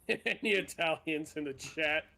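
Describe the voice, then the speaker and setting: A man's voice: fairly high pitch, unhurried, creaky, bright, forceful tone. A man at a tabletop game, blunt and impatient. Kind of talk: casual tabletop game chat.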